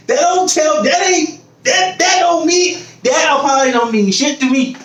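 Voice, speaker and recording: A man's voice: very high voice, expressive, unhurried, a bit bright, reverberant, recorded from a distance, low-quality recording. A man hosting a podcast in casual chat, swearing freely, acting out other people's voices and laughing often. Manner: swears freely, repeats phrases while building a point. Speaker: podcast host.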